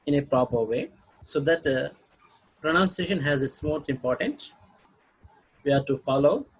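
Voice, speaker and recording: A man with an Indian English accent giving a video lesson on pronunciation, halting often to clear his throat. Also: medium pitch, poor audio. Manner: halting, frequent throat clearing and filler sounds. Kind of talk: lecture-style video lesson.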